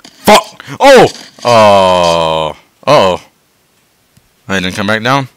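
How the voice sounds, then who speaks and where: A man swearing his way through a game, dropping to tired mutters and then yelling in excitement. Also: on the low side, very slow, smooth, no echo. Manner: swearing, swinging between mutters and yelps. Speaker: gameplay commentator. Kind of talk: profane let's-play commentary.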